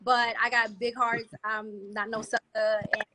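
A young woman from the DMV area, a music artist who talks in a brash, animated way and laughs often. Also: a little high, measured pace, background noise. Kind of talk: casual interview chat.

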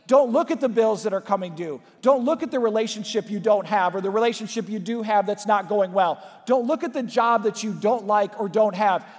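A man preaching a sermon in earnest, dropping to soft, slow emphasis on key lines. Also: high voice. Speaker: pastor. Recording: long reverb in a large hall.

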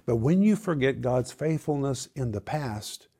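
A man preaching a sermon, addressing listeners as his friends with dramatic swings in pitch. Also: animated, measured pace, dark tone, breathy edge.

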